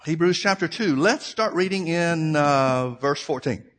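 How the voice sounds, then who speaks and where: A middle-aged preacher delivering a sermon to his congregation, moving between scripture reading and plain, conversational explanation. His voice sits a little higher than most men's. He keeps asking rhetorical questions and calls his listeners "folks.". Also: animated, a little slow, fairly bright tone.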